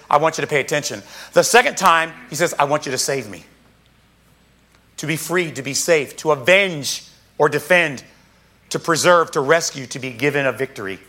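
Bright-voiced, animated man preaching. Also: fairly high pitch. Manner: animated and emphatic, quoting scripture then explaining with casual asides. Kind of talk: sermon.

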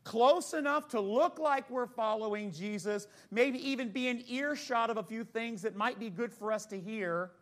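A man's voice: extremely high pitch, normal speed, hardly any pauses, fairly bright tone. A man preaching a sermon as pastor, talking conversationally and putting questions to the congregation.

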